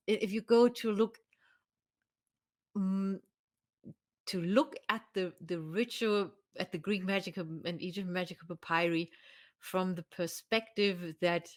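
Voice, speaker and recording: A woman scholar, a guest in an academic conversation, who talks haltingly and searches for her words. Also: mid-range voice.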